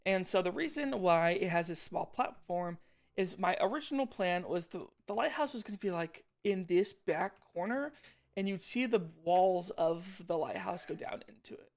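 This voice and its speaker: A man's voice: high voice, lively intonation, normal speed. A young man giving casual, rambling commentary over his own game footage, slangy and self-deprecating. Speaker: gaming channel host.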